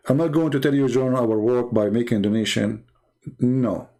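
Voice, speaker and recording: At normal speed and in a mellow mid-range voice, the middle-aged host of an online debate show talks late into the night on his livestream. Arabic is his first language, and his grammar shows it. He sounds tired and strained but stays emphatic and preachy.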